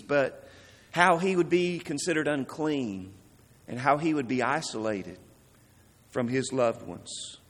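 A man preaching a sermon in an earnest, emphatic way, letting his voice sink low at key words. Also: a bit bright. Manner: earnest, emphatic, dramatic drops in volume. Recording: long reverb of a large hall.

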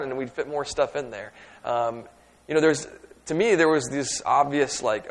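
A man's voice: medium pitch, moderate pace. A middle-aged man, a youth minister telling a casual, humorous story that leads into a sermon point. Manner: casual anecdotal, self-deprecating humor.

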